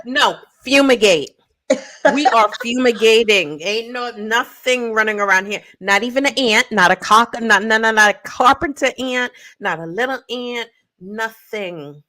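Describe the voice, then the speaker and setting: A woman's voice: a little high, measured pace, sharp tone. A woman co-hosting a casual podcast, telling stories animatedly with playful sound effects. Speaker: podcast co-host. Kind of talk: casual chat.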